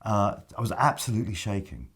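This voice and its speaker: A man tells a backstage anecdote in conversation, putting on the voices of the people in it. His voice sits very low and has a husky, slightly breathy grain. He talks loosely, with restarts and asides. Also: a little fast. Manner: animated anecdote-telling, acts out his own past lines. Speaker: actor guest. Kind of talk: storytelling in casual chat.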